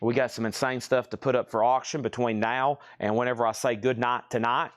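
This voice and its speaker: Male live-sale host, quick patter, close mic catching his breaths, dry and upfront. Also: medium pitch, fairly even intonation, dry recording. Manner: rapid salesman patter, breathes audibly through nose. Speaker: live-stream auction host. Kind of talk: fast live-sale patter reading bids and comments. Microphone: mic right next to his mouth.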